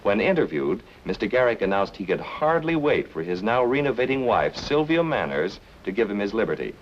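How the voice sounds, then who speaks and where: A lively-voiced radio gossip announcer. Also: male voice, on the low side. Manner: brisk, chatty announcer delivery. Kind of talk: 1940s radio broadcast. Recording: dull lo-fi 1940s film soundtrack with faint hiss.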